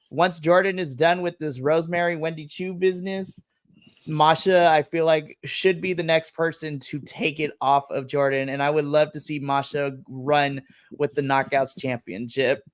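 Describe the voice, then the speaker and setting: A man's voice: on the high side, fairly even intonation, normal speed, no room sound, clean studio sound. A man co-hosting a wrestling podcast, chatting casually and gushing enthusiastically as he recaps.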